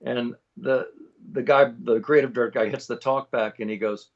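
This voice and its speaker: A man in his fifties, a voiceover actor, telling lively stories in an interview and acting out the quotes. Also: medium pitch, brisk, gravelly, highs cut off. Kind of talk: anecdotal storytelling in an interview.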